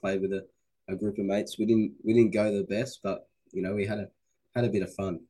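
Australian male guest, relaxed and agreeable, warm husky low tone. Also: brisk. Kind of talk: casual sports chat.

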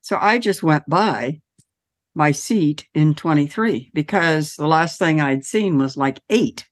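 A woman hosting an interview, chatting casually and sharing her own anecdotes in an expressive way. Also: low voice, slow. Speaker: host. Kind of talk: casual chat.

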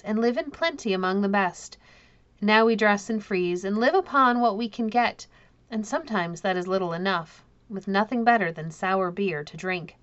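A woman's voice: mid-range voice, fairly bright tone, no room sound, dull audio, lightly acted. A woman voicing an old servant woman who fondly recalls better days, in a storybook reading. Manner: wistful, reminiscing. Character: old female servant, wistful gossip.

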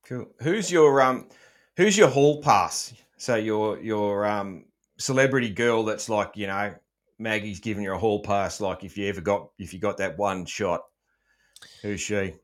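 A man's voice: lowish voice, measured pace. A middle-aged Australian man hosting a casual chat, joking around and swearing freely, with plenty of ums. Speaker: podcast host.

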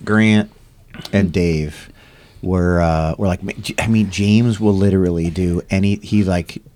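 A man co-hosting a fitness podcast, telling a story in a rambling, animated way with many restarts. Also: sits low, measured pace. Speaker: podcast co-host. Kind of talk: casual chat, storytelling.

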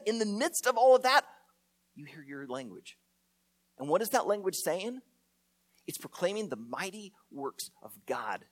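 A man preaching a sermon, telling stories and acting out the quotes in them. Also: sits high. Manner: animated storytelling, acts out quotes. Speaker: pastor.

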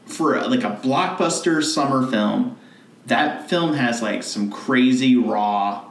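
A man's voice: mid-range voice, slow, roomy sound. A man chatting casually about movies, emphatic and swearing freely. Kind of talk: casual podcast chat.

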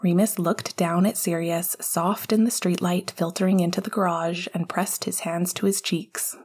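A woman reading a story aloud in a soft, intimate way, often dropping to a whisper. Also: lowish voice, fairly even intonation, moderate pace, slightly rough. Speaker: audiobook reader. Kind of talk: fan fiction narration.

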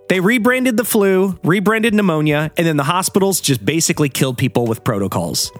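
A man's voice: sits high, lively intonation, fast, fairly bright tone, soft background music. A man hosting a show, ranting heatedly in a profane solo monologue.

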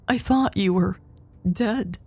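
A remorseful adult woman speaks softly, her voice a little lifted and close to tears, as a female audiobook reader puts her on. The tone stays dark and raspy, slow and unhurried, heard dry and close. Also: fairly low pitch, dry recording, full character voice. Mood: soft, tearful.

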